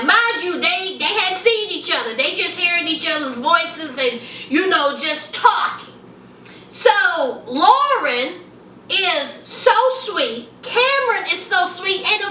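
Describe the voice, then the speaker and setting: Sassy high-voiced woman reviewing a show. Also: sharp tone, slight background noise. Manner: sassy, chatty, calls viewers honey and child. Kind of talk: casual TV review chat. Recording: echoey room, mic at a distance.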